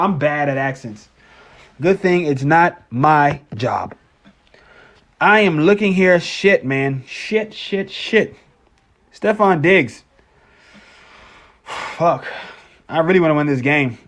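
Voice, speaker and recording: A man hosting a casual post-game sports live stream, rambling and cursing, often stammering and restarting words. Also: fairly high pitch.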